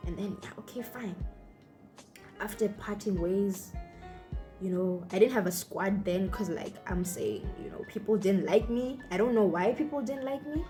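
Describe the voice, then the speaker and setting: Young woman, Botswana accent, chatty vlog storyteller, medium pitch, soft music underneath. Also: normal speed. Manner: chatty, full of fillers and acted-out quotes. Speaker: YouTuber.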